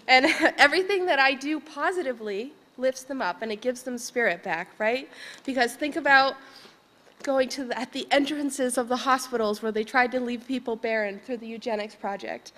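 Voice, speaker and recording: A woman's voice: high-pitched, a bit bright. A woman from Vermont and an educator, telling a personal story on stage with emotion, laughing often and checking in with the audience. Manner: emotional, laughs often, keeps asking "right?". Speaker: conference speaker, educator. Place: large conference hall. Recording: reverberant conference hall.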